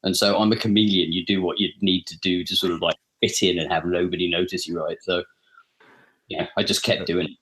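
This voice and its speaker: A man with a polished British received pronunciation accent talks casually on a podcast. He tells animated, self-deprecating stories. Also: low voice, fairly quick. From England. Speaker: podcast guest, voice actor. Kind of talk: casual chat.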